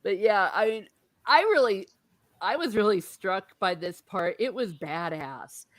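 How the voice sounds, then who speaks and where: A woman hosting a casual book discussion, chatty and animated, laughing often and swearing casually. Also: medium pitch, unhurried, no echo, studio quality. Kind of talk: casual chat.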